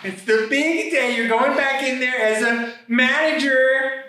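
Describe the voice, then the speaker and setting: A woman's voice: sits high, measured pace, sharp tone. A woman in an improvised comedy scene, doting and gushing, teasing her partner. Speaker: improv performer. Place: comedy club stage. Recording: echoey club, distant mic, faint noise.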